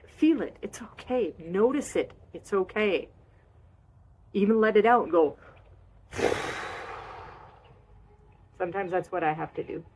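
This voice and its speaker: A woman coaching on holistic wellness in a casual, expressive way, repeating short phrases and acting out feelings with sighs and little noises. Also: mid-range voice, moderate pace, a little hiss or hum. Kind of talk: casual advice talk.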